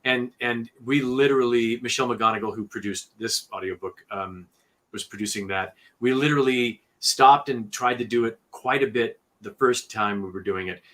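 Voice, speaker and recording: A man who narrates audiobooks, telling studio stories in a lively interview with lots of fillers and restarts. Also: medium pitch, normal speed. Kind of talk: conversational storytelling interview.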